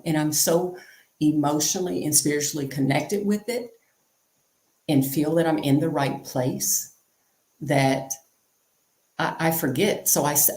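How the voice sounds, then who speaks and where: A woman talking as an interview guest, telling stories candidly in an animated, chatty way and repeating phrases for emphasis. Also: sits low, roomy sound. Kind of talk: candid conversational storytelling.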